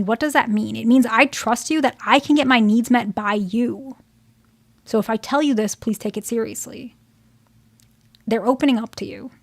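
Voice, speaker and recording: Frank woman therapist, fairly high voice. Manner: direct, frank, checks in with "okay?" and "right?". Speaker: therapist giving relationship advice. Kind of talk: casual advice talk to viewers.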